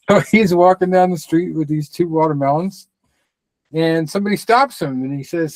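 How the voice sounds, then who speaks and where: A man's voice: fairly high pitch, normal speed, pauses often, darkish tone, dry recording, low-quality recording. A man co-hosting a fight-sports podcast, chatting casually and rambling with lots of fillers. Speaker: podcast co-host.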